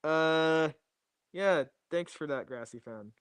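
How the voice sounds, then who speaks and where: A man's voice: a little high, takes it slowly, fairly bright tone, clean tone, no echo. Rambling young male streamer, dry sound. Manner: rambling, jokey, repeats catchphrases to chat. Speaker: livestreamer. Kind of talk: casual livestream chat. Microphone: new streaming mic.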